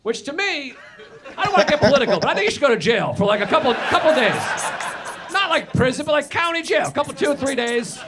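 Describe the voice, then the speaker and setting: A man's voice: sing-song, quick pace, over music. A man doing a stand-up comedy set, self-deprecating and neurotic, with rambling asides and quoted voices acted out. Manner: acts out quoted voices with big jumps in pitch. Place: stage of a comedy venue with a live audience. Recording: live show with audience laughter. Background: crowd laughing.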